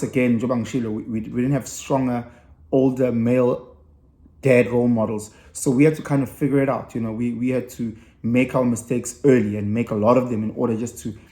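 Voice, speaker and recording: A middle-aged man reflects on being a father in an earnest, rambling way. His voice is mellow and dark, sitting at an ordinary pitch. He restarts his sentences often as he thinks aloud. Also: roomy sound. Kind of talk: reflective personal talk.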